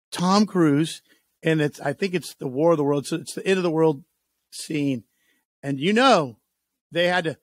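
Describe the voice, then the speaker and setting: A man's voice: high voice, a bit bright, dry recording. A man hosting a sports radio show, chatting casually and telling stories with playful, joking energy. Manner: jokey, playful storyteller. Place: radio studio.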